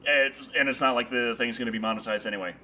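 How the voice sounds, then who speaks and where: A young man hosting a casual livestream chat, excitable and tripping over his words with many restarts. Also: medium pitch, fast talker, slight background noise. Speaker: show host.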